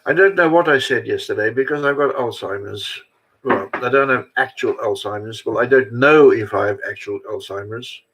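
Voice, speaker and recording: A man's voice: medium pitch, moderate pace, noisy background. An older man talking casually to camera, self-mocking and chatty, drifting from one thought to the next. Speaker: vlogger. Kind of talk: rambling casual monologue.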